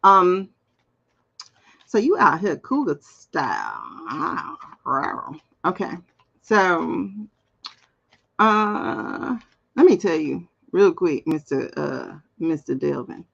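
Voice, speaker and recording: A woman in her forties chats through a live tarot reading, unhurried and playful, her voice lively in pitch with a gravelly edge. The sound is a little dull and lo-fi. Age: 40s. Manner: playful, chatty, laughs often, reads chat aloud. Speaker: tarot card reader, livestream host. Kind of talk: casual live-stream chat reading cards.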